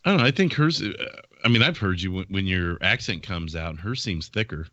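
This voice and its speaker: A man's voice: low-pitched, animated, fairly quick, bright, forceful tone, dry recording. A man calling into a live show, chatting casually with easygoing, chuckling asides over lo-fi call audio. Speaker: regular guest on a call. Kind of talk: casual chat.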